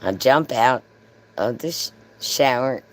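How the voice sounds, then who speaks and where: A woman's voice: a bass voice, animated, slow pace, a little hiss or hum, low-quality recording. A woman chatting on a livestream, telling a story in a chatty, profane way and laughing often.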